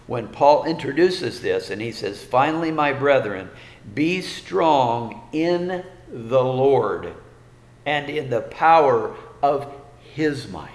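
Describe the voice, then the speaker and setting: Animated preaching man in a roomy hall. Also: mid-range voice. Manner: folksy preaching with rhetorical questions and repetition. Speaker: pastor. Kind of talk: sermon.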